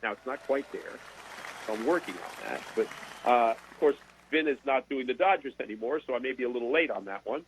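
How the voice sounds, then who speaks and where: An older man, a sports broadcaster and guest, telling animated stories in a casual interview and repeating words as he goes. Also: medium pitch, brisk, a little hiss or hum. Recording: dry, tinny phone-like sound.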